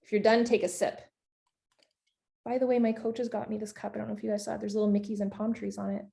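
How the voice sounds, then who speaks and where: A woman leading a live online coaching workshop, talking in a chatty, animated way with lots of filler words. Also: medium pitch, quick pace, gravelly. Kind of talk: casual coaching talk to an online group.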